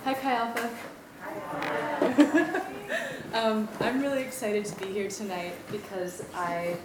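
A woman in her twenties from Maui, Hawaii, who works on campus ministry staff, gives a personal testimony in a lecture room. Her medium-pitched voice is steady and slow, and she's chatty and self-deprecating with lots of ums. The recording is echoey, with a distant mic and background noise.

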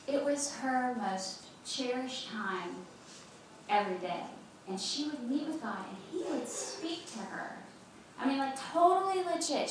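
A woman's voice: medium pitch, normal speed. Older Texan woman preaching in an echoey hall. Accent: Texas. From Texas. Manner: lively, conversational preaching with laughs and asides. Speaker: former campus chaplain. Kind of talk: sermon. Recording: echoey hall from a distance, faint noise.

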